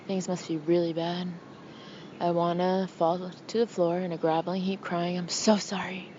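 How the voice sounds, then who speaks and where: A woman narrating an audiobook in the first person, with an expressive, intimate, anxious delivery. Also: on the low side, moderate pace, highs cut off, slight background noise.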